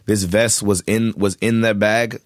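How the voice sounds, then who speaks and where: A man's voice: lowish voice, fairly even intonation, a little slow, dry recording, clean studio sound. A young man telling loose, laughing stories as a guest in a casual interview. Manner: loose storytelling, laughing, swearing. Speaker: guest, rapper.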